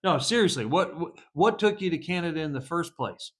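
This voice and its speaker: A man's voice: a little high, animated, a little fast, close to an everyday voice. Brief: a man playing a doubtful border officer, blunt, terse questions. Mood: skeptical. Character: skeptical male US border agent.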